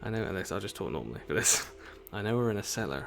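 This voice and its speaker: Reading game dialogue aloud during a stream, this man rambles and chats, frequently trailing off. His fairly low voice swings widely in pitch, is a bit bright with vocal fry, and he talks fast with hardly any pauses. Faint music plays behind him.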